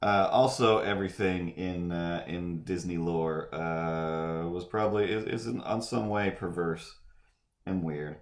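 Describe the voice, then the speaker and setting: Man, very low voice, rambling drawing-stream chat, meandering with fillers, echoey room. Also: fairly even intonation, a little slow. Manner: meandering, full of fillers and asides. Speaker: livestream artist.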